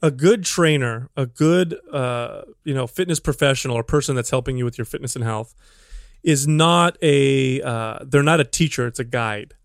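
Co-hosting a casual podcast, a fitness trainer explains his approach earnestly, rambling and restarting often. His mid-range voice moves at a moderate pace, and the recording is clean studio sound with no room sound.

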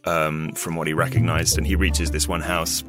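Deep, slow male player; hesitant backstory narration over guitar music. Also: little pitch movement. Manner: hesitant, full of fillers and restarts. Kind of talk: narrating a character backstory in a tabletop game.

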